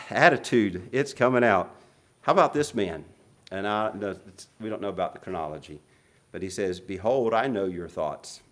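A man preaching a sermon, his voice swinging widely as he reads scripture passages with theatrical intensity. Between readings he drops to quiet, almost muttered asides to the congregation. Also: sits low. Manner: reads scripture aloud in dramatic, rising bursts.

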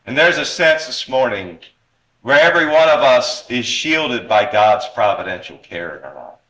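A man preaching a sermon in a slow, earnest way, reading scripture aloud and rising to emphatic peaks. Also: fairly low pitch, bright, forceful tone, low-quality recording. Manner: reads scripture in old-style wording. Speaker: pastor.

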